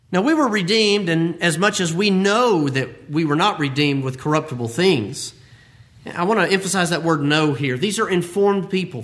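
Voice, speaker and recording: A man's voice: high-pitched, fairly bright tone. A man preaching a sermon, emphatic and repeating phrases for effect.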